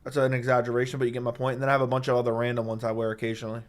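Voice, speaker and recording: A man's voice: mid-range voice, completely flat delivery, very fast. Guy streaming w a sore scratchy throat, swears a lot, reads chat and roasts ppl, close studio mic. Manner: blunt and profane, trash-talking with chat. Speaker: live streamer. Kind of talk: casual live-stream chat reading viewer comments. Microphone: studio dynamic microphone.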